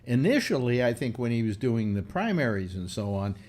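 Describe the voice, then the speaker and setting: Male host, argumentative, very animated intonation, video call. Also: medium pitch, a little fast. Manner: argumentative, steers the talk. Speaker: show host. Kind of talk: casual political chat.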